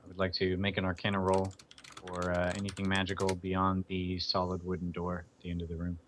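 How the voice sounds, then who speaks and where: A man playing a tabletop game over voice chat, calmly describing what his character does. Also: sits low, a little fast, a little hiss or hum. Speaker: player. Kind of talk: tabletop role-play. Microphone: online voice chat mic.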